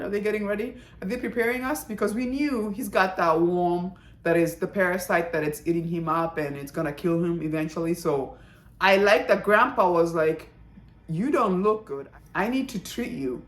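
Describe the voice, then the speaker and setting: A chatty woman talks through a drama review in a casual, animated way, slipping into the characters' lines as she retells scenes. Her voice sits a little low, and the room around her is echoey.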